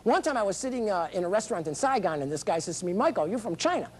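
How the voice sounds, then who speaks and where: A husky, breathy-voiced middle-aged man rambles theatrically through a campaign speech on local television. He jumps from topic to topic and keeps slipping into snippets of foreign languages. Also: high-pitched, lively intonation, racing. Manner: breaks into foreign phrases. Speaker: political candidate. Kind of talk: public-access TV speech.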